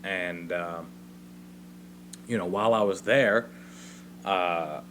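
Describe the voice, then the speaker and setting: A young man talks alone into a mic in a home basement, telling a rambling, profane story and tagging his points with "right?". His voice sits very low and easygoing. A faint hum runs underneath. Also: takes it slowly, a bit bright. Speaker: podcast host. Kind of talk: solo comedic podcast monologue.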